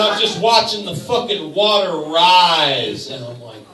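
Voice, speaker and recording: A man telling a crude story on stage as a stand-up comedian, swearing freely and breaking into loud outbursts, with audience laughter behind him. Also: high-pitched, normal speed, a crowd in the background. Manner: profane, animated storytelling with sudden loud outbursts. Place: bar stage. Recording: echoey bar room, voice from far off.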